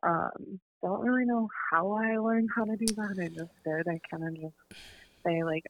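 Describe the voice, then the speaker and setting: Gravelly-voiced young woman, relaxed chat. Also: medium pitch, normal speed, poor audio. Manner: relaxed, many fillers and likes. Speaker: medium, podcast guest. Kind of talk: casual chat.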